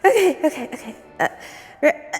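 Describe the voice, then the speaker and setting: A woman's voice: sits high, big pitch swings, normal speed. A woman streamer with a sore throat giving a casual lesson, giggly and rambling. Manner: giggly, rambling, self-conscious. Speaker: streamer teaching as a bear character. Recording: long reverb with background music.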